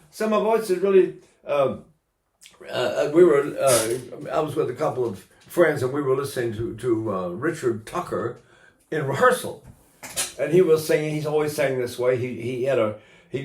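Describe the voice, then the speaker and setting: A man's voice: medium pitch, roomy sound. An older man teaching singing in a casual, rambling way, breaking into sung vowels to demonstrate.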